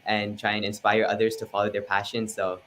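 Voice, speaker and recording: A man's voice: fairly low pitch, completely flat delivery, a little fast, fairly bright tone, slight background noise. A teenage boy, a guest musician, answering interview questions politely and eagerly. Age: teens.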